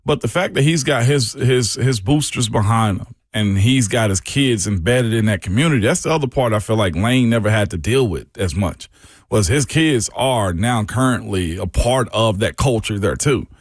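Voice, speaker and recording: A man co-hosting sports talk radio, a former pro player, talking in a relaxed, thoughtful, rambling way. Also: on the low side, normal speed, no room sound, studio quality. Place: radio studio.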